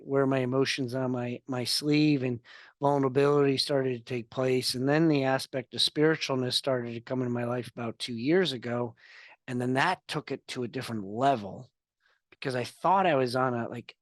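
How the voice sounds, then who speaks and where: A man's voice: mid-range voice, no room sound, studio quality. Earnest man telling his story. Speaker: podcast guest. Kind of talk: candid interview talk. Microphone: video call.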